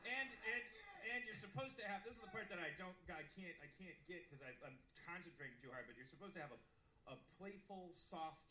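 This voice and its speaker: A man's voice: high-pitched, animated, brisk, pushed and bright, a little hiss or hum. A man hosting a live comedy podcast on stage, joking in a stammering, mock-earnest way. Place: live stage before an audience. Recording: roomy stage audio with music.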